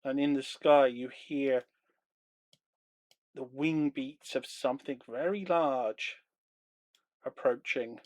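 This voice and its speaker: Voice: medium pitch, slow pace, pauses often, a little mellow, dry recording. A game master narrating a live-streamed tabletop game with dramatic description, on a streaming microphone.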